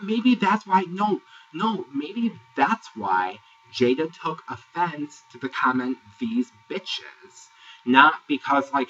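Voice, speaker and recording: A man giving a sassy, exasperated casual review, ranting and sometimes mocking people in high put-on voices. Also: fairly bright tone, distant mic. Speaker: reality TV reviewer. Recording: dull, lo-fi, voice set back from the mic.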